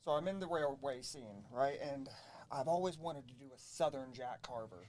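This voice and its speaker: A man who works as a haunted trail actor, telling stories on a casual podcast in an animated, self-mocking way. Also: mid-range voice, moderate pace.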